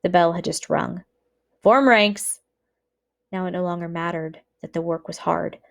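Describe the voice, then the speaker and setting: A woman teacher reading a book aloud for students in a measured, earnest way. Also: on the low side, monotone, vocal fry.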